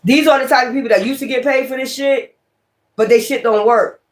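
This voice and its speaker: A woman's voice: high-pitched, fairly even intonation, brisk. A woman giving a tarot reading in a blunt, profane, emphatic way. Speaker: tarot reader.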